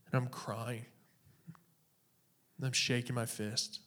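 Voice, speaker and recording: A man from Oklahoma giving a personal faith testimony in an earnest, halting way, with long dramatic pauses. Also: medium pitch, level tone, a bit bright.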